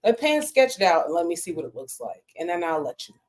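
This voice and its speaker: A woman's voice: fairly low pitch, big pitch swings, fast talker. A woman co-hosting a casual livestream, teasing and finishing her partner's sentences. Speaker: co-host.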